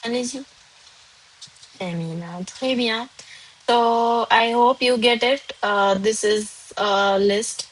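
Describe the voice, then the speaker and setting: A woman's voice: mid-range voice, low-quality recording. A woman, not a native French speaker, teaching a live online French class. She switches between English and French and calls on students by name from the chat.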